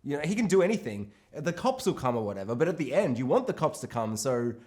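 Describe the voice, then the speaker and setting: Animated, foul-mouthed man on a podcast. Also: mid-range voice, quick pace. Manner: animated, swears a lot. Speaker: podcast co-host. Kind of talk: casual film discussion.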